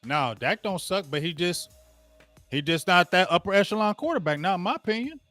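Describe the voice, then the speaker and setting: A man's voice: sits high, expressive, brisk, bright, forceful tone, no echo, faint music behind. Slangy man ranting straight at viewers. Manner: ranting, addresses viewers directly; casual slangy talk. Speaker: sports show host. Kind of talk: live play-by-play rant while watching a game.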